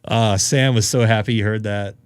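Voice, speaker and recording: A man's voice: on the low side, fairly even intonation, moderate pace, clean tone, dry recording. A man hosting a ham radio live stream, chatting in a rambling, jokey way and laughing often. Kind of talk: casual chat on a live stream.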